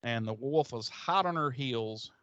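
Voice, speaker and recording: A man co-hosting a podcast, casually recapping an episode with crude jokes and quick impressions of the characters. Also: mid-range voice, a bit bright, dry recording, lo-fi sound. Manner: profane, joking, acts out characters' lines. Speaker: podcast co-host.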